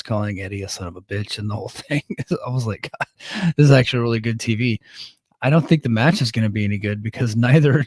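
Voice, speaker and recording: A man's voice: medium pitch, a little mellow, no echo. A man hosting a podcast, recapping a wrestling show in a casual, rambling way, full of ums and restarts. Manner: rambling and self-correcting, with many ums and restarts. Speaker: podcast host.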